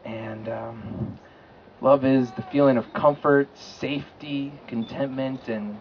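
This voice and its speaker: A man gives his wedding vows as the groom, halting and emotional, pausing with fillers as he chokes up. His voice is mid-pitched. The audio is dull and lo-fi with a faint hiss, from an outdoor lakeside ceremony. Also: fairly even intonation. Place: outdoors by a lake.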